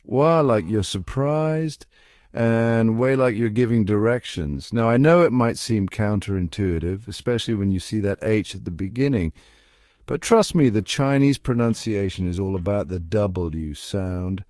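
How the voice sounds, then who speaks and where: A man giving scripted, upbeat narration as a pronunciation guide, coaxing the listener and slowing down to spell out each word. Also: fairly low pitch, darkish tone, dry recording, clean studio sound.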